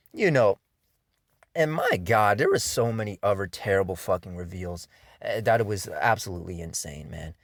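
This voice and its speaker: A man's voice: mid-range voice, no echo, clean studio sound. A man giving an angry, profane rant about video games, full of exasperated "you know" and "man". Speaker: video game commentator. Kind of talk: angry ranting commentary.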